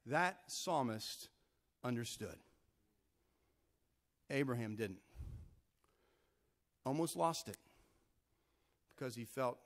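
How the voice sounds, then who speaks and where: A male pastor preaching a sermon in an animated, conversational way. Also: medium pitch, slow pace, pauses often.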